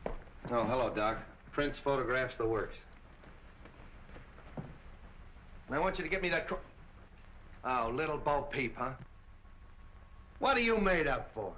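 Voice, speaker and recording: A brusque, hard-boiled police captain barks orders with a lively, swinging delivery. The sound is muffled, with faint hiss from a 1940 film. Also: male voice, medium pitch, slow pace, pauses often. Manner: gruff, barking orders. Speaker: police detective.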